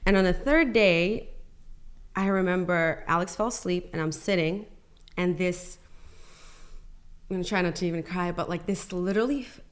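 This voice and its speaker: A young woman with a slightly low-pitched voice tells a personal testimony as a podcast guest. She talks in a loose, chatty way, full of "like" fillers, and slips into the voices of the people she quotes. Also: normal speed, long pauses. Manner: chatty, many "like" fillers, acts out quoted dialogue.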